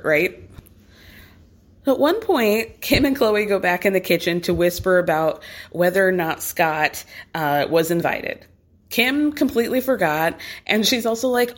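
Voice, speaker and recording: A woman's voice: lowish voice, lively intonation, normal speed. A young woman casually recapping a reality show in a gossipy, chatty way, full of asides.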